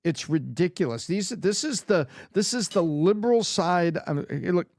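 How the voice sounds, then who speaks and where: A man's voice: high-pitched, animated, normal speed, darkish tone, no echo. A man giving indignant, emphatic political commentary in a played clip.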